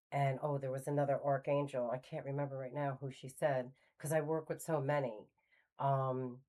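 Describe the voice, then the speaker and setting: Middle-aged woman host, low-pitched, animated casual storyteller. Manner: animated retelling, acts out quoted voices. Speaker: spiritual channel host.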